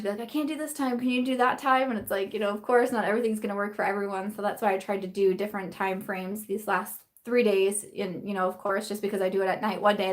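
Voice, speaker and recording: A young adult woman chatting casually on a live stream from home, rambling and tired, with fillers and restarts. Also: mid-range voice. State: tired, yawning. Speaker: beauty vlogger hosting a live chat.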